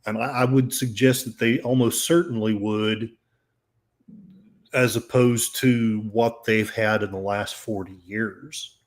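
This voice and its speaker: A man's voice: lowish voice, fairly even intonation, takes it slowly. A man hosting a podcast, reading news articles aloud with sarcastic, rambling asides. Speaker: podcast host. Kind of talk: casual commentary while reading news aloud.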